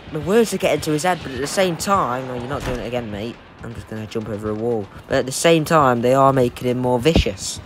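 A young man giving excitable, jokey live commentary while playing a game, swearing and trash-talking the opponent. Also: mid-range voice. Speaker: gaming YouTuber.

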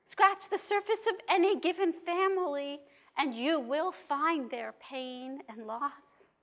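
High, slow-spoken woman rabbi. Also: a bit bright. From New York. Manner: measured and emphatic. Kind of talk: conference talk. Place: conference hall.

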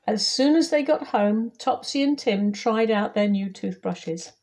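A woman volunteer reading a children's picture book aloud, lively and talking straight to young listeners. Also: medium pitch, a little slow. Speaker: volunteer storybook reader.

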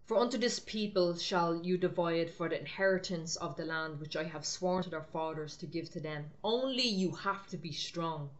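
A woman's voice: lowish voice, normal speed, few pauses. A woman preaching a sermon, firm and exhorting in a conversational way.

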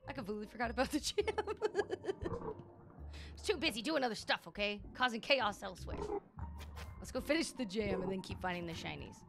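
A woman's voice: mid-range voice, animated, a little fast, long pauses. A woman live-streaming a game, chatting playfully and greeting viewers as she plays. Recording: noisy background.

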